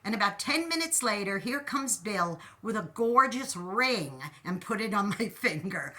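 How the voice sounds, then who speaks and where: A woman host giving an animated, encouraging talk, telling stories and playfully acting out quotes. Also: a little high, a little slow, hardly any pauses. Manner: animated, storytelling with playful voices. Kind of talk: inspirational talk.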